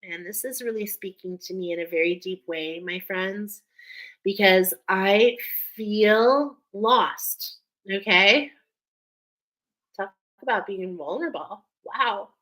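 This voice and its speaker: A woman's voice: mid-range voice, a little slow, bright, forceful tone, low-quality recording. A woman giving an intuitive spiritual reading to her viewers, rambling with many fillers and getting emotional as she speaks. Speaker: spiritual card reader.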